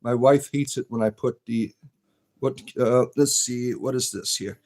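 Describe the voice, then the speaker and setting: A man hosting a casual livestream from a room at home, rambling and coaxing his pets in a soft doting tone, recorded on a phone. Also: mid-range voice, fairly even intonation, a little slow, low-quality recording. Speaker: livestream host.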